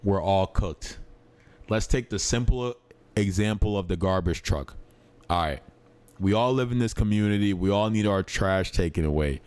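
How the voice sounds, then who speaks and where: A man's voice: on the low side, normal speed, darkish tone, clear, resonant tone. A man commenting casually on a live stream, slangy, blunt, and repeatedly apologizing while he talks. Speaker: streamer reacting to a clip.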